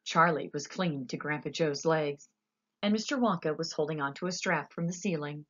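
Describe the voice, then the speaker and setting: A woman narrating a children's story with an expressive, animated reading. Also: deep voice, fairly quick, muffled recording. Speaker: audiobook narrator.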